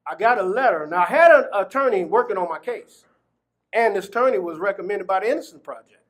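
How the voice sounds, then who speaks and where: A man's voice: sits high, expressive, fast talker, a bit bright. A middle-aged man from Gary, Indiana, telling his personal story earnestly, often breaking into laughter as he recalls it. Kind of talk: personal testimony.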